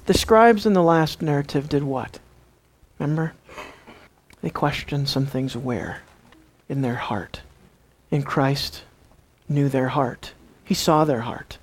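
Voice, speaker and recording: A man's voice: a little high, slow, pauses often. A man pastor preaching a sermon, dramatic, asking the congregation rhetorical questions and acting out the people in the story.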